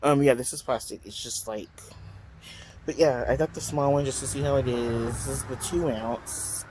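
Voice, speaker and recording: A man's voice: medium pitch, steady tone, normal speed, a little mellow, a little hiss or hum. A man vlogging at home, telling a bus story and then unboxing skincare, chatty with dramatic exclamations and lots of fillers. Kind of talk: casual storytime and product unboxing.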